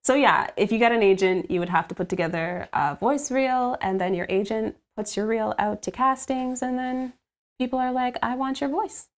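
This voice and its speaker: A woman's voice: a little high, normal speed. A woman voice-over artist, recording from home, chatting animatedly about her work with frequent laughs and fillers. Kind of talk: casual interview chat.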